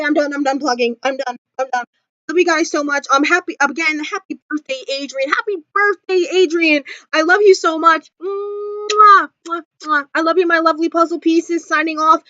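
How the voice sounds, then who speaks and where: A woman's voice: sits high, bright, forceful tone, no room sound. A woman talking in an unscripted casual vlog, rambling and gushing, with many fillers and self-corrections. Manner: effusive and gushing. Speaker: YouTube vlogger. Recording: dull lo-fi dry recording.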